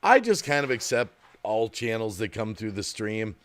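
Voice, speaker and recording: A man's voice: lowish voice, very animated, normal speed, a bit bright. Rambling middle-aged man live streaming. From Wisconsin, USA. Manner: rambling, reads chat comments aloud. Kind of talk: casual live stream chat.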